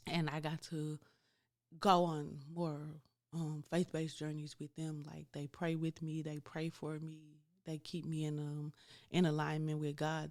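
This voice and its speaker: A woman's voice: deep voice, a little mellow. A woman in her thirties hosting a podcast, telling a candid, faith-filled personal story and talking straight to her listeners. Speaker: podcast host.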